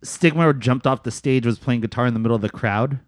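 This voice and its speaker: A man's voice: fairly quick, no echo. A man on a casual podcast, telling stories with swearing and lots of "man" and "dude". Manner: animated storytelling with big pitch swings. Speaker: podcast co-host. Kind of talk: casual chat.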